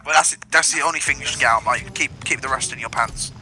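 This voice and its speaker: Teasing gamer man, very bright voice. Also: medium pitch, fast, slight background noise. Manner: crude teasing banter, calls everyone mate. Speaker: gamer streaming with friends. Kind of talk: casual gaming chat.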